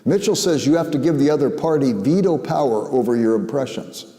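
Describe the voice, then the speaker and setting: An older man giving an academic lecture in a measured, reflective way, with personal anecdotes. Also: medium pitch, mellow. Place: lecture hall. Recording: echoey hall.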